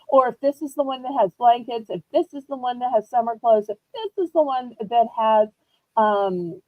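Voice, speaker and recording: High-pitched woman, chatty live auction host, sing-song delivery, rambling and self-teasing, slightly dull sound. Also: dry recording. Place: indoors at home.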